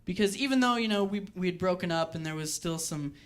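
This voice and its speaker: A young man doing a stand-up comedy set on a club stage, telling animated stories and mimicking the voices of people in them. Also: sits high, fast talker, smooth.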